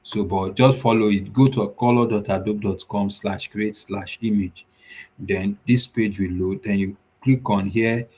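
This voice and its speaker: A man's voice: fairly low pitch, fairly even intonation, measured pace, a little mellow, slightly rough. A man teaching web design in a screen-share tutorial, walking through the steps one by one, repeating himself and using many fillers.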